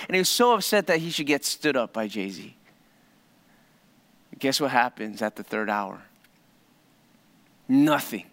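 A pastor preaching a sermon, telling a story with dramatic pauses and swings from hushed to loud. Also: male voice, mid-range voice, animated.

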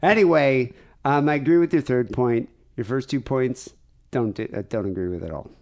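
A man's voice: medium pitch, moderate pace, darkish tone. An American man hosting a comedy podcast, joking around with a co-host, laughing often and restarting his sentences. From United States. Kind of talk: casual comedic banter.

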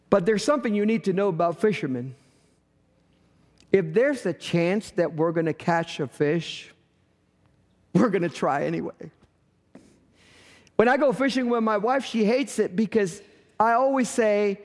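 High-voiced preacher in a reverberant hall. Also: male voice, animated, measured pace, long pauses, a little mellow. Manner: storytelling, acts out dialogue, humorous asides. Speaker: pastor. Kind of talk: sermon.

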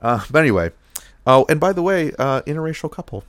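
A man's voice: on the high side, expressive, quick pace, no echo, studio quality. A man co-hosting a podcast, recapping a TV episode in a rambling casual chat full of fillers and acted-out quotes. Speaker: podcast co-host.

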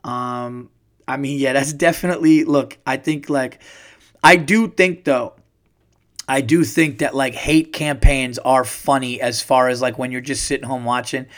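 A man's voice: medium pitch, moderate pace. A middle-aged man hosting his own podcast, chatting casually and swearing freely as he tells stories. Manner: profane, animated storyteller, swears freely. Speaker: podcast host; comedian. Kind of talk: casual solo podcast chat.

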